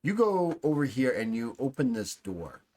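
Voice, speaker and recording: A man's voice: medium pitch, very animated, normal speed, darkish tone. A man narrating as game master of a tabletop game, in a casual, rambling way.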